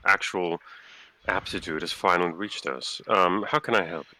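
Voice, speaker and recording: A man voicing a condescending male high elf mage in a tabletop game. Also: moderate pace, bright, forceful tone, dry recording. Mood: haughty.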